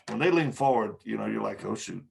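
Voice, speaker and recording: Gravelly-voiced man telling war stories. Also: lowish voice, expressive, a little fast. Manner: candid anecdotal storyteller, frequent "uh" and restarts. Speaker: podcast guest. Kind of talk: storytelling in conversation.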